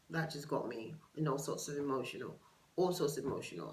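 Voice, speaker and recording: A woman's voice: extremely low pitch, brisk, darkish tone, reverberant, rough recording. A woman hosting a solo podcast, chatting casually and digressing into gossipy asides. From United Kingdom. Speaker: podcast host. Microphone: camera for a video podcast.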